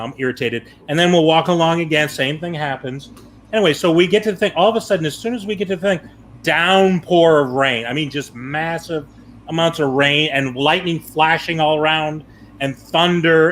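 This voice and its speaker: Rambling, excitable male storyteller, fairly high voice. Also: slight background noise. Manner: rambling, animated, acts out his own panicked shouts. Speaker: show host. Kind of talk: casual storytelling chat.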